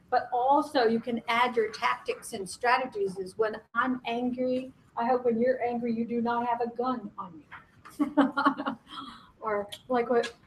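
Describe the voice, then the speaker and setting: A fairly high-voiced woman leading a group workshop in a loose, conversational way. She is frank about herself and jokes at her own expense, breaking into laughs often. A faint hiss sits under her voice. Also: a bit bright, poor audio. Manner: candid, self-deprecating, laughs often. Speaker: workshop facilitator. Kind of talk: conference workshop facilitation.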